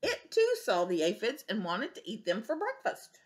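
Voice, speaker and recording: A woman preschool teacher reading a picture book aloud to young children, gentle and expressive, asking them questions. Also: medium pitch, normal speed.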